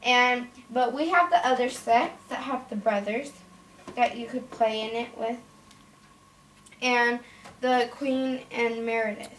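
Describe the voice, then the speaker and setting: A woman's voice: fairly high pitch, takes it slowly. A woman casually showing a toy playset and rambling through its story. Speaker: toy reviewer. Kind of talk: toy unboxing and story retelling. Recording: roomy, from far off, faint noise.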